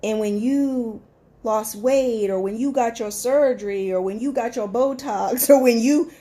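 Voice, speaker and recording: A high-pitched woman in middle age gives a motivational monologue. She talks bluntly in casual slang and slips into acted-out voices of the people she describes. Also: unhurried. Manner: animated, acts out friends' voices in quotes. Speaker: life coach and show host.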